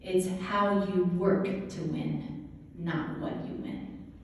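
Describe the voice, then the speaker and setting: A woman gives a motivational talk, telling a personal story in a lively way and laughing often. She speaks slowly and sits well back from the mic. Her voice rings through a big, echoey hall, with faint noise underneath. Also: lowish voice, far from the mic.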